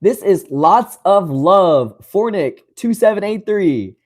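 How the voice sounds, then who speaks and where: Young livestream host from West Virginia, slightly high voice, easygoing, keeps calling viewers brother. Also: male voice, lively intonation, slow, darkish tone. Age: 20s. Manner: friendly, calls viewers brother, laughs often. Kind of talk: casual livestream chat reading comments.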